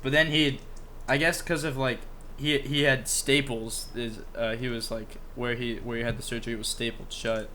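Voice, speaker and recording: A man's voice: mid-range voice, flat delivery, normal speed, few pauses, sharp tone, slight background noise. A young man co-hosting a podcast, telling a pet story in a rambling, casual way with lots of fillers, restarts and swearing. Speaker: podcast co-host. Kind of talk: casual chat.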